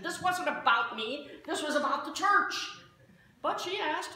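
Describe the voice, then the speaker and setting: A woman's voice: sits high, lively intonation, normal speed, pushed and bright. A woman pastor preaching a sermon as a self-mocking story, recorded in a church sanctuary. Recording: very echoey church hall, faint noise.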